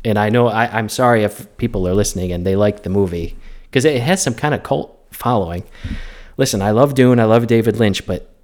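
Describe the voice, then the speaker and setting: A man co-hosting a film podcast, giving opinionated, animated takes in casual chat. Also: lowish voice. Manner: opinionated, animated film talk with quick asides. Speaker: podcast co-host.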